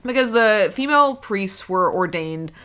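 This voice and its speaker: A woman co-hosting a podcast in loose, rambling conversation. She often restarts her sentences. Her pitch rises and falls a lot, sitting at a middle height. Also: lively intonation, unhurried, pushed and bright. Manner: rambling, with many restarts and fillers. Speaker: podcast co-host. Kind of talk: casual chat.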